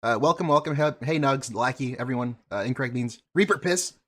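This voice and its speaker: A man's voice: medium pitch, brisk, a bit bright. A man casually commenting over a video on a live stream, offhand and sarcastic, swearing freely.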